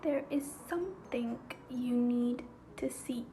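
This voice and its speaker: A woman's voice: high-pitched, very fast, dark tone, soft background music. Cautious protective black bear, read by a woman. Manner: cautious, careful.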